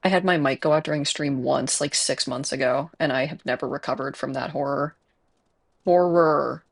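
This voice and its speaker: A streamer from the Midwest, Chicago accent and all, keeps up loose, filler-heavy chat and self-conscious laughs during gameplay. The mid-range voice stays fairly even in intonation, moving briskly with a creaky, breathy edge. Recorded on earbuds with a desk mic setup.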